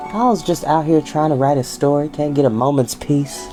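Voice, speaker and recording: A man reading a children's book aloud, in a lively way with chatty asides. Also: fairly high pitch. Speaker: storyteller.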